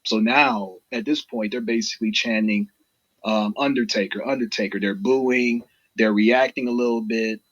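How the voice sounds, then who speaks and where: A man co-hosting a casual wrestling podcast, an excitable storyteller who swears freely and talks straight to his listeners. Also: lowish voice, a little slow, muffled recording. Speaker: podcast co-host.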